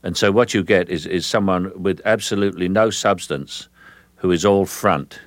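A very deep-voiced older man from London talks in a relaxed, unhurried way. He speaks in a dry, close sound and often restarts his sentences. He chuckles now and then as he explains things. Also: dry recording. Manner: measured, deliberate, with frequent restarts and low chuckles. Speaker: actor, interview guest. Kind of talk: relaxed, anecdotal interview talk.

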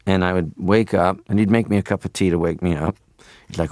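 A man's voice: deep voice, steady tone, brisk, a little mellow, dry recording. A man from Canada, a guest in an interview, talking casually and rambling with many fillers.

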